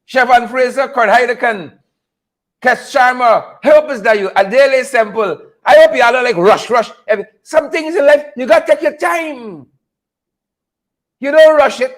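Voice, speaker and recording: A man's voice: extremely high pitch, moderate pace. A man with a Guyanese accent hosting casual political commentary, repeating himself, chuckling and calling out viewers by name. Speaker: host of a political commentary show. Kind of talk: casual live commentary reading viewer names.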